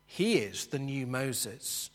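A man teaching a Bible lesson, talking slowly and explaining patiently as he sketches a map for the class. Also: mid-range voice, big pitch swings, big-room sound.

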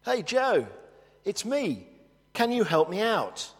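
A man telling a joke, voicing a desperate man stuck in a hole who shouts up for help. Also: high voice, sing-song, takes it slowly, long reverb tail, voice pushed up, exaggerated voice. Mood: pleading. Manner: shouting up, pleading.

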